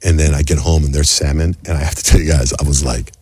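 A man hosting a radio morning show in a studio, telling a story in a lively, animated way and acting out other people's voices. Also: fast talker, slightly rough, no echo. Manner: animated storyteller, acts out voices in high pitch. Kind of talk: casual radio chat, storytelling. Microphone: studio microphone.

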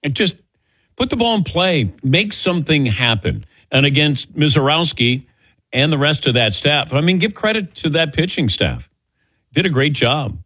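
A man hosting a sports radio show, talking in an animated, casual way. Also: a little high, husky, no room sound. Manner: animated, quick back-and-forth. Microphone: studio microphone.

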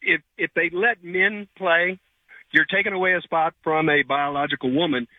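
A man's voice: on the high side, steady tone, normal speed, no echo. A man calling in to a radio show, hesitant and chuckling. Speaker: caller. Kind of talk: call-in comment. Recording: tinny phone line.

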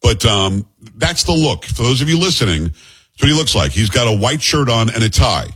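Blunt, sarcastic New York host. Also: male voice, medium pitch, sing-song, moderate pace, fairly bright tone, breathy edge. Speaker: host commentator. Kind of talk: political commentary.

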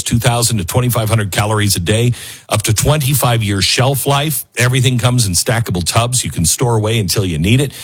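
A man's voice: lowish voice, slightly rough. A man hosting a talk radio show, rambling and self-mocking as he reads ads and riffs on news stories. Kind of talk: talk radio monologue with host-read ads.

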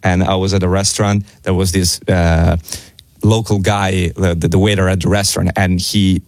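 A man's voice: low-pitched, normal speed, no echo. A man from Italy with an Italian accent, a non-native English speaker, chatting as a radio guest. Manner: laughing, animated storytelling. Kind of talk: casual radio chat.

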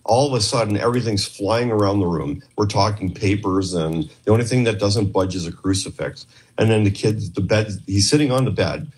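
Man, from Canada, low voice, casual interview guest, rambling storyteller. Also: a little fast. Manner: rambling, animated, quotes others in dialogue. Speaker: podcast guest, former investigator.

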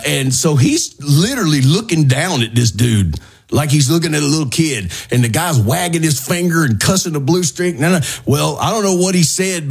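Husky, animated middle-aged man telling a story. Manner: animated storyteller, mimics shouting neighbors in high yelps. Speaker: radio show host. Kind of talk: casual storytelling on a radio show.

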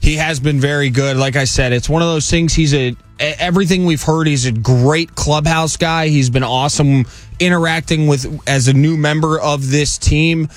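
A man's voice: fairly high pitch, steady tone, dry recording, faint music behind. A man in his twenties co-hosting a sports radio show, joking and rattling off stats. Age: 20s. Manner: quick, jokey, rattles off stats. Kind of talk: casual sports radio banter. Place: radio studio. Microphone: studio mic.

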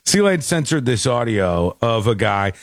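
Man, podcast host, joking banter, lively swooping pitch, dry close sound. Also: measured pace, no room sound. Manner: joking, animated retelling with laughs. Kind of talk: casual chat.

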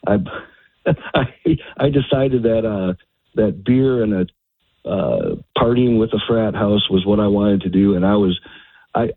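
Husky caller on a phone line. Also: male voice, lowish voice, dry recording. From Texas. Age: 50s. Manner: halting, with fillers and repeated words. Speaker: radio show caller. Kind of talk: phone-in conversation.

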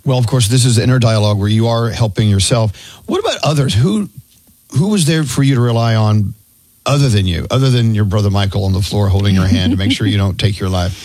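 A man's voice: lowish voice, fast, darkish tone, no room sound. A man hosting an interview, probing with questions and joking now and then. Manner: probing, playful. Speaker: interview host.

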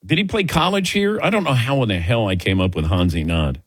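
Fairly quick and slightly breathy, his medium-pitched voice comes through with no room sound. He's a middle-aged sports radio host from the American Midwest, jokey and quick to laugh as he tells lively stories.

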